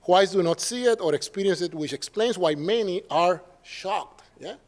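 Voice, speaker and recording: A man with a Puerto Rican Spanish accent gives an academic lecture to a symposium audience. His voice sits a little high, and he keeps it conversational, tossing out quick tag questions and acting out the people he quotes. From Puerto Rico. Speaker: professor giving a symposium talk.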